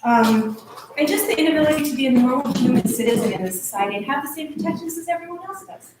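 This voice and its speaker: Woman, earnest nervous speech, higher voice, echoey hall, distant mic. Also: noisy background. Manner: earnest, nervous, with restarts and laughs. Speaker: speaker at a meeting. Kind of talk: emotional speech. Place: meeting hall. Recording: echoey room recorded from a distance.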